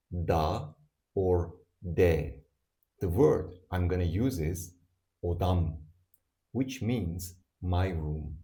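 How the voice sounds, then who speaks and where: Slow, deep-voiced male language teacher. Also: mellow. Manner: slow, deliberate, repeats each example word for learners. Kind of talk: scripted language lesson.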